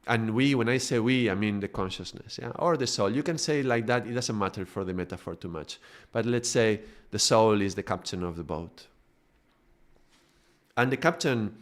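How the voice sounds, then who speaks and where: Man teaching through metaphors. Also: fairly low pitch. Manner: builds extended metaphors, checks in with tag questions. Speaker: spiritual teacher. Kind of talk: live spiritual talk.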